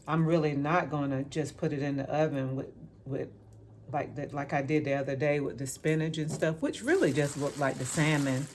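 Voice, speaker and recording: Low-voiced woman chatting while cooking. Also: darkish tone, slight background noise. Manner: rambling, repeats words for emphasis. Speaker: home cook vlogger. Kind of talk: casual cooking vlog chat. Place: home kitchen.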